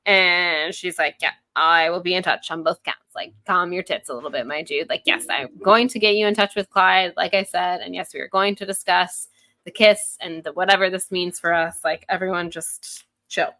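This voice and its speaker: A woman's voice: lowish voice, normal speed, pushed and bright, no echo. A woman co-hosting a podcast about a book, retelling the chapter casually and acting out the characters' lines. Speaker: podcast co-host. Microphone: headphones and studio mic.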